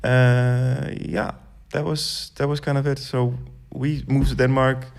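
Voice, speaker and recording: A young man, a guest on a casual podcast, who tells his stories in a relaxed way and swears offhandedly. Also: mid-range voice, unhurried, vocal fry, clean tone.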